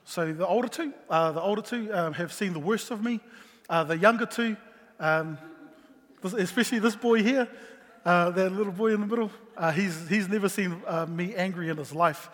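A middle-aged man shares a story from his own life as a father. He talks earnestly and haltingly, restarting his sentences often. His voice sits a little high, and a long hall reverb trails after his words. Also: fairly bright tone. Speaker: father sharing a personal story. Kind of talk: personal testimony talk.

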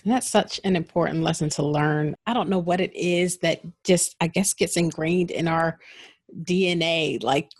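Husky-voiced woman podcast host. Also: lowish voice, normal speed, no echo, clean studio sound. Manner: reflective, affirming. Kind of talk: interview questions.

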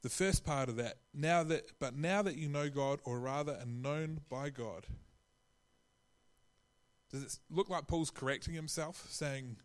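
A man preaching a sermon with a slightly higher-than-usual voice. He talks conversationally, restarts his phrases and acts out the people he quotes. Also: a little slow.

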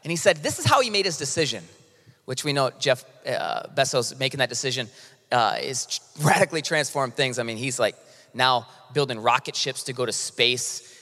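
A male pastor preaching a sermon with impassioned delivery, swinging from quiet to loud emphasis. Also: medium pitch, animated, moderate pace. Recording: long hall reverb.

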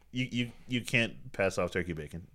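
A man's voice: sits low, moderate pace, sharp tone. A man co-hosting a casual movie review chat, recapping the plot with dry, wry jokes. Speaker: podcast co-host.

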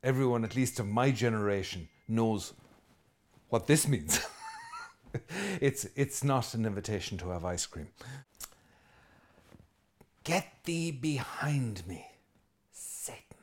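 Irish priest preaching a lively sermon. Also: male voice, on the low side, moderate pace, pauses often. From Ireland. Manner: lively and conversational, with asides and jokes; emphatic, repeating key phrases.

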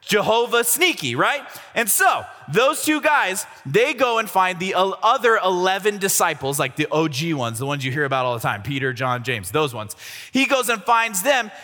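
A man's voice: sits high, expressive, moderate pace, bright, forceful tone. A young man telling a Bible story as a comic youth sermon, jokey and slangy. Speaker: youth speaker. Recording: reverberant hall.

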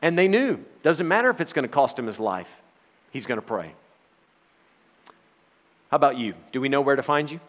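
A man's voice: medium pitch, very animated, moderate pace, long pauses, a bit bright, big-room sound. A middle-aged man giving a Bible study sermon, talking in a conversational way with rhetorical questions and wry sarcastic asides. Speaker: Bible teacher.

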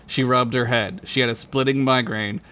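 A man's voice: medium pitch, steady tone, normal speed, sharp tone. A man hosting a podcast, reading a crude comedic fantasy story aloud and laughing at his own jokes.

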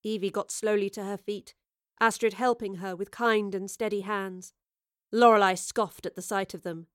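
A woman's voice: medium pitch, fairly even intonation, normal speed, dry recording, studio quality. Woman narrating a fantasy audiobook. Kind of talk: scripted narration.

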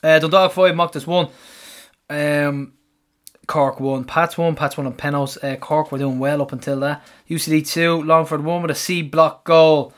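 A man with an Irish accent co-hosting a casual football podcast, quick and joking, swearing freely. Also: on the high side, steady tone. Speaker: podcast co-host.

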